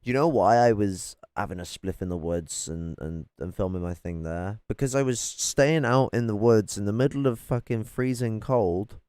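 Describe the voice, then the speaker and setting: A man ranting angrily and profanely as he reacts to political clips from his flat. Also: lowish voice, normal speed, few pauses, no echo. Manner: angry, profane, confrontational.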